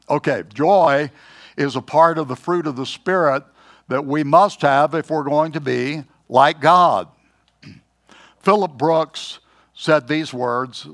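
An older man preaching a sermon in a folksy, joking way, often clearing his throat. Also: a little high, a bit bright.

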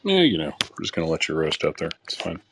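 A man's voice: extremely low pitch, wildly swooping pitch, quick pace, background noise. A man co-hosting a podcast in casual chat, with dry, teasing remarks. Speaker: podcast co-host.

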